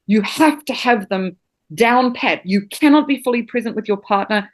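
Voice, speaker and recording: A woman's voice: on the high side, normal speed. A woman in her thirties from New Zealand, a guest on a podcast, talking passionately about acting with vivid images and casual swearing. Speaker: actor and acting teacher guest. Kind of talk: casual interview chat.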